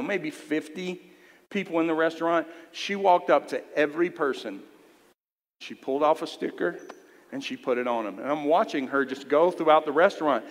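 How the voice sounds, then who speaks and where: A man giving a sermon, telling a personal story in a candid, earnest way. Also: on the high side. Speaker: youth leader preaching. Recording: long hall reverb.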